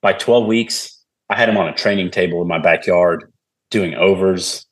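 A deep-voiced man, speaking at a normal rate, guests on a podcast and tells stories in a casual back-and-forth. His delivery is animated, complete with imitations of the people he quotes.

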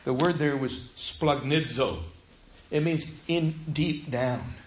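A man preaching a sermon as pastor, animated, swinging from loud to hushed. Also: mid-range voice, takes it slowly. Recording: echoey room, faint noise.

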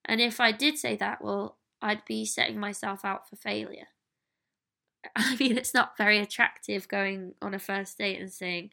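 Bright, gravelly-edged woman in her thirties. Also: mid-range voice, fairly even intonation, unhurried. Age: 30s. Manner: candid, earnest, personal. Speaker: podcast host. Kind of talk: reflective solo podcast monologue.

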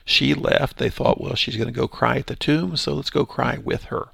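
A man reading Bible verses aloud and explaining them in a relaxed, thinking-aloud teaching style. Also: medium pitch, normal speed, creaky, husky, dry recording, studio quality. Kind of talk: Bible study commentary.

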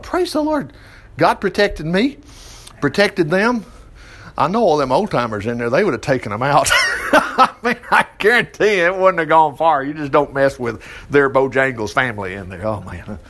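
A middle-aged man, teaching the Bible in a folksy, animated way with chuckling asides. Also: a little high, brisk. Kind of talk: informal Bible study commentary.

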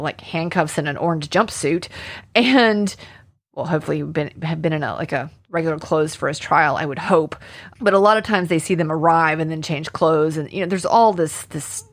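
A woman's voice: on the low side, a bit bright, no room sound. A woman from Alabama hosting a true-crime podcast alone, talking conversationally with indignation and lots of fillers. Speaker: podcast host.

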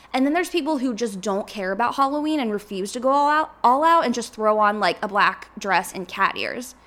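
A woman's voice: medium pitch, a bit bright. A woman in her twenties hosting a podcast, chatting casually and rambling with lots of filler words. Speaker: podcast host.

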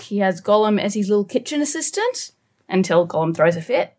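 A woman co-hosting a casual book discussion and reading passages aloud, animated and amused. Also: medium pitch, fairly quick. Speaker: podcast co-host.

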